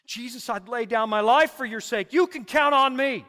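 A man's voice: very high-pitched, moderate pace, pushed and bright, in a large hall, voice pushed up. A man preaching a sermon, voicing an eager, impulsive disciple in acted quotes. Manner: eager and boastful.

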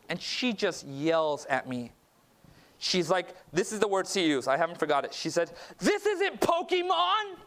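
A male preacher with a high, fairly bright voice tells a personal story during a sermon. He's chatty and anecdotal, conversational in manner, and keeps checking in with frequent "okay?" asides.

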